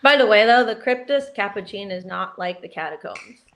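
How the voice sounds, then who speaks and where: A woman's voice: medium pitch, expressive, normal speed, fairly bright tone. Chatty woman co-host. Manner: chatty, enthusiastic, says "like" a lot. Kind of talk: casual chat.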